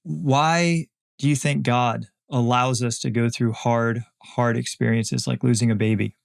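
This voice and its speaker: A man's voice: medium pitch, steady tone, unhurried, creaky. A man hosting a podcast, giving an earnest, emphatic motivational faith talk and repeating phrases for emphasis. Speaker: podcast host.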